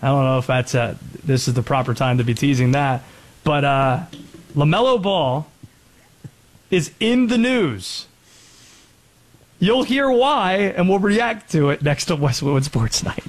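A man hosting a sports radio show, talking casually about basketball picks with a joking manner. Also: mid-range voice. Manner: conversational, joking, quick.

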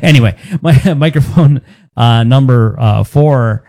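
Mellow rambling male radio host. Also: medium pitch, measured pace, vocal fry, no room sound. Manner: rambling, joking, chuckles between words. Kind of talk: casual talk radio banter.

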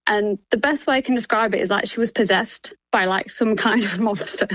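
A woman's voice: medium pitch, normal speed, fairly bright tone, no room sound, rough recording. A woman in her thirties chatting casually, laughing often and acting out quoted lines. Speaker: podcast guest. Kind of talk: casual chat.

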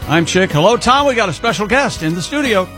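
A man co-hosting a radio show, opening the segment in an energetic way and announcing the people in the studio. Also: high-pitched, fairly quick, over music.

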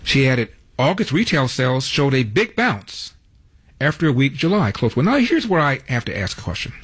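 A man's voice: medium pitch, very animated, moderate pace, a bit bright, slightly rough. A man hosting a talk radio show, delivering news items with wry, sarcastic asides from a studio.

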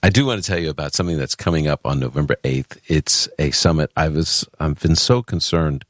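A radio host from Brooklyn with a New York accent and a remarkably deep voice talks earnestly, often restarting his sentences. The recording is close and dry, with no room echo. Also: fairly quick. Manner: chatty, self-interrupting, earnest. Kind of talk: Christian radio call-in show.

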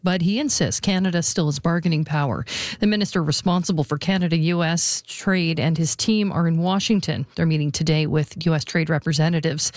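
A woman newsreader delivers the headlines with crisp, even pacing. Her voice is on the low side, and the studio sound is dry and close. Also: no room sound. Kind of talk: radio news reading.

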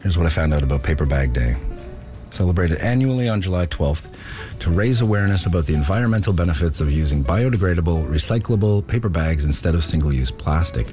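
A man hosting a radio show, talking in a relaxed, chatty way between segments. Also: low-pitched, quick pace, soft background music. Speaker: radio host. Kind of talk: casual radio talk.

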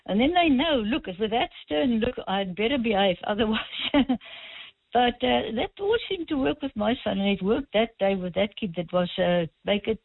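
Lady phoning into radio, higher voice, um's a lot but stern, sounds like a phone line. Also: lively intonation, moderate pace, vocal fry, no echo. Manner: hesitant, many ums, firm and stern in opinion. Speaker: caller. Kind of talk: phone-in anecdote.

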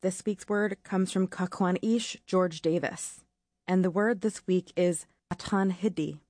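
A woman announcing a short scripted radio segment in a clear, even instructional read. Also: lowish voice, a little slow, no echo, clean studio sound. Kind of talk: scripted word-of-the-week segment.

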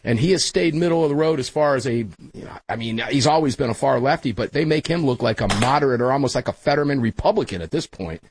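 A male radio talk show host, chatty and energetic, speaking into a studio microphone in a small studio. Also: medium pitch, fast, hardly any pauses, noisy background. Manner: energetic, chatty, calls everyone brother. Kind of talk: casual talk radio hosting. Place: small hot studio full of equipment.

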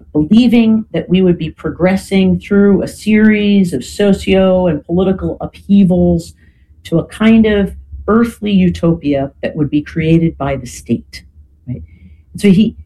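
Mellow-voiced lecturing podcast guest. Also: mid-range voice, low-quality recording. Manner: measured, lecturing, often checks in with "right?" and "you know". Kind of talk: explanatory history talk.

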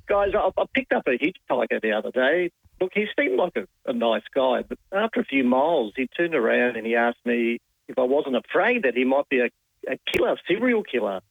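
Deadpan man telling jokes. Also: mid-range voice, brisk, creaky, dry recording, narrow, tinny audio. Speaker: radio caller. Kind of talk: phone-in joke telling.

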